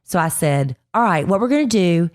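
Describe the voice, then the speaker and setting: Low-voiced woman telling a lively story. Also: brisk. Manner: animated storyteller, acts out quoted voices. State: fighting a cold. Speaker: podcast co-host. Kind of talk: casual storytelling chat.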